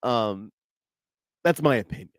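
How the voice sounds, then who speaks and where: A man's voice: medium pitch, expressive, unhurried, clear, resonant tone, no echo, studio quality. Chatty male radio guest. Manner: conversational, laughs between points. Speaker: guest panelist. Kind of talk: casual chat.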